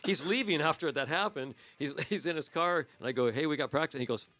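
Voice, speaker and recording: A man in his sixties tells profane stories at a quick clip. His voice is bright and forceful, and he breaks into laughter as he goes. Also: a little high, expressive, dry recording. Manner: fast, crude, laughing anecdotes. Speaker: podcast host. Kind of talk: raunchy casual storytelling.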